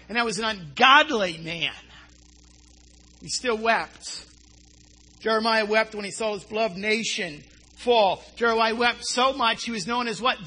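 A man's voice: very high-pitched, bright, forceful tone, breathy edge. A man preaching a sermon who asks rhetorical questions, answers them himself, and often stumbles and repeats his words.

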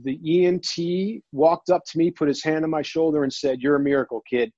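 A man earnestly telling a personal story, near tears, halting and restarting often. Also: on the high side, steady tone, mellow, no echo, lo-fi sound. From New Jersey. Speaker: guest.

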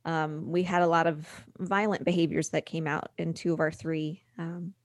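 A middle-aged woman speaking candidly as a guest, halting and restarting, sometimes acting out what others said. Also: sits low, little pitch movement, dry recording, clean studio sound. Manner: candid, halting with restarts, acts out quoted voices. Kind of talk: conversational podcast interview.

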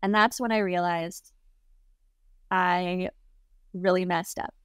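A woman's voice: lowish voice, fairly even intonation, slow, clean tone, dry recording, clean studio sound. Chatty young woman telling a wild story. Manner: chatty, heavy use of "like" fillers. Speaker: interview guest. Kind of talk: casual storytelling.

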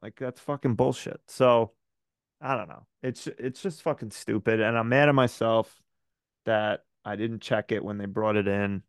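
A podcast co-host with a fairly low, smooth voice and fairly even intonation rants in casual conversation at normal speed, rambling and swearing often. The sound is clean studio audio with no room sound.

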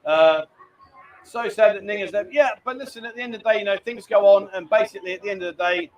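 A fast-talking man with a voice that sits high runs a casual live stream in a lounge bar. Chatting with his audience, he reads their messages out loud and calls everyone "mate."

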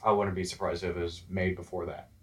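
Young Texan man, low voice, animated stories. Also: fast. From Texas. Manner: animated storyteller, acts out quoted voices. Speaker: guest. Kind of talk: casual interview chat.

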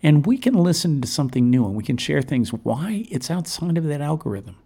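A man's voice: a little high, sing-song, a little fast, dark tone, husky. A man hosting a community radio show from the studio, talking casually and enthusiastically in a rambling way. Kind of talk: casual on-air radio talk.

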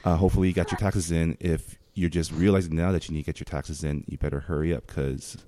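A man's voice: a bass voice, fairly even intonation, fast talker, dark tone, a little hiss or hum. A man co-hosting a podcast while sick, opening the show and making wry jokes in casual chat. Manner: wry and joking. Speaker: podcast co-host.

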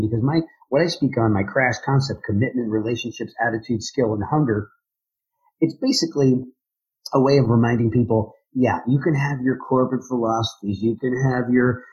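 A man being interviewed as a drummer and speaker, talking in an energetic, rambling way with many restarts. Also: mid-range voice, slightly rough, dull audio. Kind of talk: casual interview chat.

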